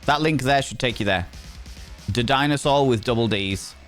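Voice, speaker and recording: A man's voice: medium pitch, normal speed, fairly bright tone, soft background music. A man with a Yorkshire accent hosting a livestream, chatting casually and teasing viewers as he reads their messages. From England. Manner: playful, teasing, greets viewers as cheeky devils. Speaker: livestream host.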